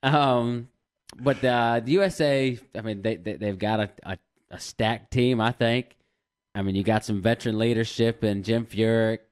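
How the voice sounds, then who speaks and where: A man with a fairly low, smooth voice talks sports as a podcast co-host. He is matter-of-fact, reading off records and rosters in casual chat. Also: normal speed. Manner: matter-of-fact, reads off stats and names.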